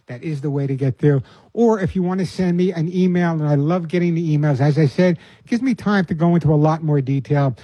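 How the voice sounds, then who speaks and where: An older man hosts a call-in pet advice radio show, talking in an earnest, folksy way. His voice sits a bit high for a man but sounds mellow and husky. The sound is dry and close, with no room around it. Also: moderate pace, no room sound. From New York. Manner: earnest, folksy, repeats words when starting phrases.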